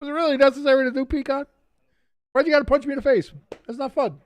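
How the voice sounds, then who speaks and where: A man voicing a crying, whining little boy in a high, pleading voice. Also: fairly even intonation, quick pace, no room sound, dull audio. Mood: whiny. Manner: whiny, pleading, high-pitched. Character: whining, crying male toddler.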